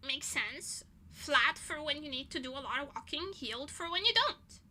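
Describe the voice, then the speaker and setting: A woman's voice: sits high, animated, moderate pace, sharp tone, a little hiss or hum. A young woman streamer chatting casually, ranting indignantly with swearing and laughter. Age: young adult.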